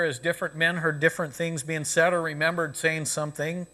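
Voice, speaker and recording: A man's voice: on the high side, flat delivery, a little fast, hardly any pauses, pushed and bright. Guy pastor preaching, chatty and loose, lots of "you know", big echoey church sound. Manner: conversational preaching, frequent "you know" fillers. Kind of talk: sermon. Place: church sanctuary. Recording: long reverb of a church sanctuary.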